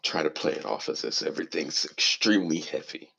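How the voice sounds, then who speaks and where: A man's voice: extremely low pitch, animated, a little fast, vocal fry, pushed and bright, poor audio. A man playing in a tabletop role-playing game, speaking in short, playful remarks. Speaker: player. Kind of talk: casual tabletop game chat.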